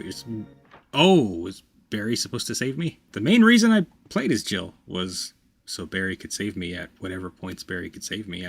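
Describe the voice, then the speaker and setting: A man hosting a let's play, commenting on the game with loud, profane reactions and self-mocking jokes. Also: medium pitch. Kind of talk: gameplay commentary.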